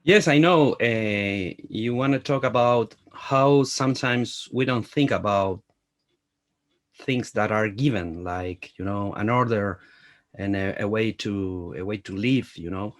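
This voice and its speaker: A man's voice: on the low side, unhurried. A man from Latin America, a Spanish speaker, interviewing guests over a video call in slightly hesitant English. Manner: hesitant, apologetic about his English. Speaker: journalist interviewer.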